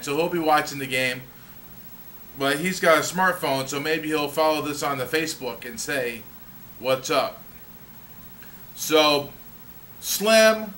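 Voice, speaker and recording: A man's voice: on the high side, pushed and bright, a little hiss or hum. A man hosting his own daily video diary, upbeat and jokey, recorded on a small camera's built-in mic. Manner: upbeat, jokey, sings a theme jingle. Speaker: vlog host.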